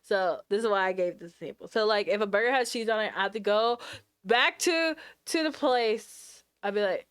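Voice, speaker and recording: A woman talking casually to her live stream chat at her desk mic. She is sassy and full of slang, and she keeps breaking into quick asides and restarting her sentences. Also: mid-range voice, a bit bright, smooth.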